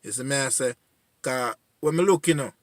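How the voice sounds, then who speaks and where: A man in his forties with a Jamaican accent speaks in a mid-pitched voice, pleading and heartfelt, returning again and again to the same refrains. The sound is dry and close, with no room around it. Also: a little fast, dry recording. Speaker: community voice addressing young men. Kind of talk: earnest spoken appeal.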